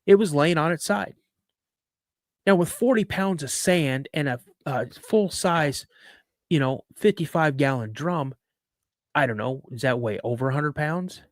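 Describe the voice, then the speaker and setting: A middle-aged man telling a childhood story as a podcast guest, acting out the shouting between himself and his father. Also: a little high, lively intonation, measured pace, dry recording, studio quality. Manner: acts out dialogue with raised voice. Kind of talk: animated storytelling.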